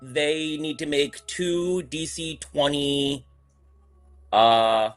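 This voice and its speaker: A man's voice: on the high side, very slow, soft background music. A man playing in a tabletop game, hesitant and thinking aloud as he describes his moves. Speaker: player. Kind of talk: casual tabletop game talk.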